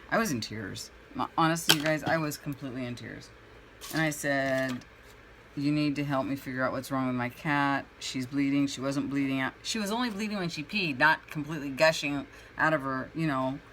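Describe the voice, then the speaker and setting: A woman's voice: very deep voice, a little hiss or hum, low-quality recording. A woman chatting casually while painting at home, a rambling storyteller who acts out her own reactions. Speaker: crafting vlogger.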